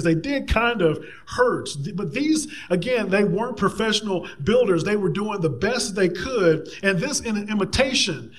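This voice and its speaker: Guy preaching, kinda high voice, chatty and animated, does little mock voices. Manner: conversational and animated, playful mock voices for hecklers. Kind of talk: sermon.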